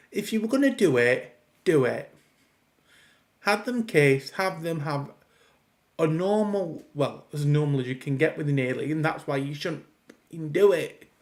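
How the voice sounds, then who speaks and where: Male reviewer, slightly high voice, slow exasperated ranting delivery with restarts. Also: gravelly, a little mellow. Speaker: video reviewer. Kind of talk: casual reaction review.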